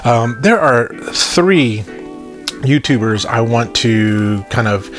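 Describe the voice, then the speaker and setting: A Southern-accented man hosts his toy review vlog in a relaxed, chatty way, upbeat and fond of joking asides. His voice sits at an ordinary middle pitch, and faint music plays underneath. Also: slow pace. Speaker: toy review channel host. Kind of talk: casual vlog chat to viewers.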